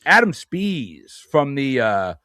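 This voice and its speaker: A man's voice: medium pitch, slow pace, dry recording. Podcast host guy, laid back, pokes fun at himself, dry close sound. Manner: relaxed, self-deprecating, introducing guests. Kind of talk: casual chat.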